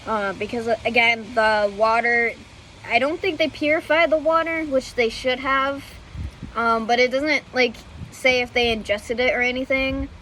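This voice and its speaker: A woman's voice: on the high side, steady tone, normal speed, sharp tone, slight background noise, low-quality recording. A woman vlogger telling history in a casual, hesitant way, with many fillers and self-corrections, often laughing at herself. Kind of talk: casual unscripted storytelling.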